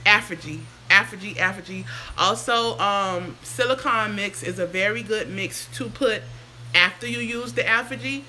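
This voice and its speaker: A woman's voice: medium pitch, bright, forceful tone, slight background noise. Chatty sick woman on a home livestream. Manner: chatty, sidetracked, answers comments aloud. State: sick, sounds under the weather. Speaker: hair vlogger on a livestream. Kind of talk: casual livestream chat reading viewer comments.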